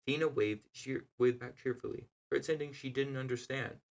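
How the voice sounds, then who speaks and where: A man reading a novel aloud in steady, measured narration. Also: medium pitch, gravelly, rough recording. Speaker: reader.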